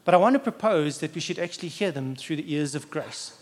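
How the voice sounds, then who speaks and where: A man's voice: a little high, lively intonation, fast talker. Man, preacher, sermon, conversational, acts out quotes, long hall reverb.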